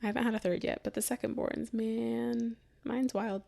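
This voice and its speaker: A woman co-hosting a podcast, chatting casually and laughing, sometimes slowing down to think. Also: a little high, level tone, gravelly, warm tone. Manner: chatty, laughs often, drawls when thinking. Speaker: podcast co-host. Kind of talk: casual chat.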